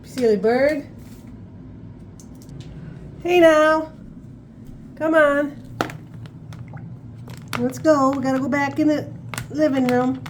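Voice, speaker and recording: Indoors at home, a woman films her parrot with a handheld camera, casually talking to it in a playful, teasing, sing-song way. Her high voice is steady and slow with long pauses, and there's slight background noise.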